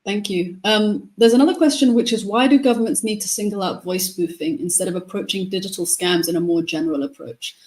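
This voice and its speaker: A woman's voice: mid-range voice, a little fast, few pauses, darkish tone. A woman moderating an online panel, passing questions to the speakers briefly.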